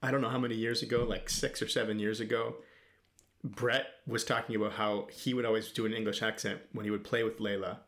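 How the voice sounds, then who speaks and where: A man chatting on a video call, chuckling and warm-hearted. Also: fairly low pitch, little pitch movement, fairly quick. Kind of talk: casual video call chat.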